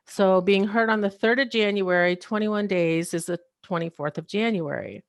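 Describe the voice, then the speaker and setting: A woman's voice: medium pitch, normal speed, hardly any pauses, dry recording, studio quality. A woman, a podcast guest, telling a personal story, often quoting others and laughing now and then. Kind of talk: personal testimony.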